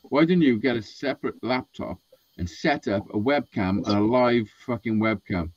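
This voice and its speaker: Sweary bloke telling a story. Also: male voice, medium pitch, moderate pace, husky, no room sound. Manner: sweary, animated, acts out quotes. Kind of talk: casual storytelling chat. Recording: dull lo-fi sound.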